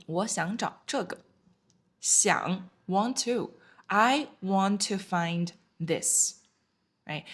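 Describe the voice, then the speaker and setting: A woman teaching a beginner Chinese class, patiently repeating each word and checking in with her learners. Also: mid-range voice. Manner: patient, repeats words slowly. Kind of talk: language lesson.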